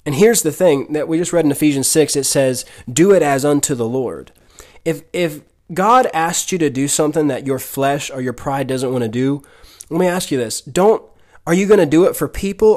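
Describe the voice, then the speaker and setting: Earnest man preaching on a podcast. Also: mid-range voice. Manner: earnest, preacher-like, addresses listener directly. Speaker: podcast host. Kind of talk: devotional podcast teaching.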